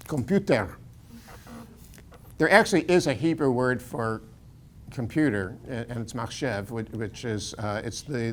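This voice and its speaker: An older American man lectures as a university professor in a casual, digressive style, chuckling often and restarting sentences. His voice is medium-pitched, and the recording carries a little hiss or hum.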